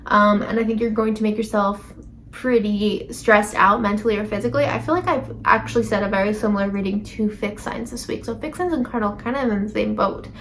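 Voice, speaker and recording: A woman's voice: mid-range voice, fairly quick, fairly bright tone, a little hiss or hum. A woman giving a casual tarot reading to camera, rambling with lots of fillers and self-corrections. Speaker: tarot reader.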